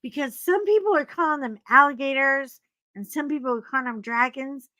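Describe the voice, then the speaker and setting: A chatty woman hosts a casual livestream from home, rambling between stories and stopping to coax her dogs. Her voice sits on the high side. The desk mic gives a dry, close sound with no room echo. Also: fairly quick, pushed and bright. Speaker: livestream host. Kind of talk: casual livestream chat while coloring.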